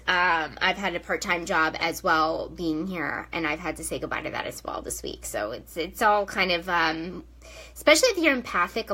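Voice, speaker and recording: Bright-voiced chatty young woman coach. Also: fairly low pitch, low-quality recording. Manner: chatty, many "um"s and "right?" tags. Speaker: intuitive and spiritual coach. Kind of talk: casual live-stream talk.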